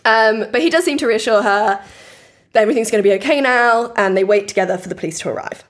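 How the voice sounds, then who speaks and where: A woman's voice: on the high side, fast talker. A woman hosting a true crime podcast, chatting casually and telling the story with acted-out quotes. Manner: chatty, laughs often, acts out quotes.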